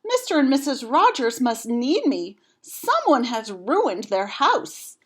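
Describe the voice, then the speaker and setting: A woman voicing an excitable, mixed-up young housekeeper in a storybook read-aloud, with high, loud exclamations. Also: takes it slowly, breathy edge, full character voice. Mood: alarmed.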